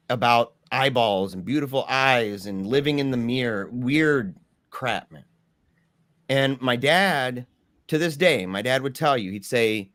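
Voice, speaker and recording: A man's voice: medium pitch, a bit bright, no echo, studio quality. A man speaking as an interview guest, telling a personal story in a casual, slangy, emphatic way. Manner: informal, slangy, says "bro" and "man"; earnest, emphatic retelling of a personal ordeal.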